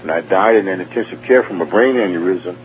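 A man's voice: low-pitched, quick pace. A man earnestly telling his near-death testimony as a guest, often repeating and restarting his words. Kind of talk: emotional personal testimony. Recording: tinny phone line with faint hum.

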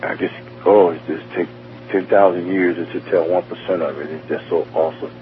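A man earnestly relates his brush with death as a guest, often circling back to repeat and restart his words. He's brisk, with a low voice and fairly even intonation, over a tinny, faintly humming phone line.

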